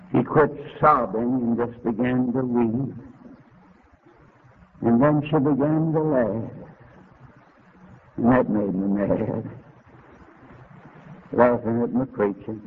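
A man preaching a sermon, telling a homespun story dramatically and climbing to emotional high points. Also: slow, long pauses. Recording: tinny lo-fi narrow-band recording.

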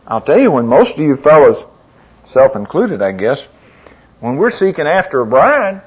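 Husky preacher man, swinging loud and soft. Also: a little high, big pitch swings, moderate pace. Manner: rises from quiet asides to loud pleading cries. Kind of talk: sermon. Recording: dull lo-fi sound.

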